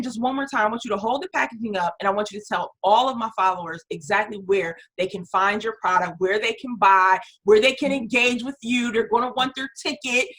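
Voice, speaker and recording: A woman hosting an interview, chatty and quick to laugh, telling her own stories between questions. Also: fairly high pitch, fairly bright tone. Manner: chatty, storytelling, laughs easily. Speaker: interview host. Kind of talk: casual interview chat.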